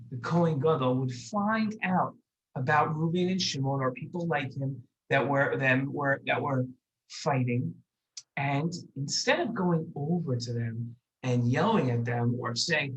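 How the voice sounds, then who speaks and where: A man tells a children's story in an animated, expressive way. His voice sits fairly high, and he keeps turning to the young listeners to address them directly. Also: moderate pace, poor audio. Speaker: rabbi storyteller.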